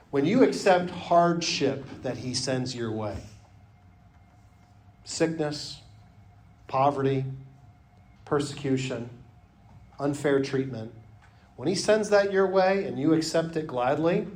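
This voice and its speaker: A man preaching a sermon as pastor, earnest, often dropping to a hush on key phrases. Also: a little high, a little slow, pauses often.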